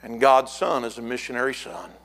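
A middle-aged man preaching a fiery sermon as pastor, building to shouted repeated words. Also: medium pitch, flat delivery, fairly quick.

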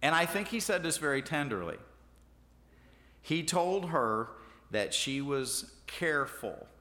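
Folksy bright-voiced preacher. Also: male voice, fairly high pitch, expressive, measured pace, big-room sound. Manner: folksy, self-deprecating, repeats words as he restarts. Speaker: pastor. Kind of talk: sermon.

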